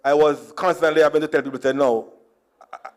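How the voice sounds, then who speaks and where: A man's voice: a little high, flat delivery, rapid-fire, smooth. A Jamaican man with a Jamaican accent giving a humorous storytelling speech at a conference, often slipping into Patois. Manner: jokey, slips into Jamaican Patois. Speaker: conference speaker.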